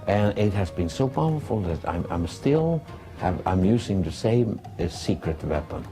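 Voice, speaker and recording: A man interpreting a religious testimony into English, speaking earnestly in halting phrases that he often corrects as he goes. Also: low voice, sing-song, mellow, faint music behind.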